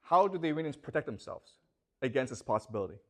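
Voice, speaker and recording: A man's voice: mid-range voice, very animated, fast, fairly bright tone. A male professor giving a classroom lecture, emphatic and questioning, who keeps checking in with the class.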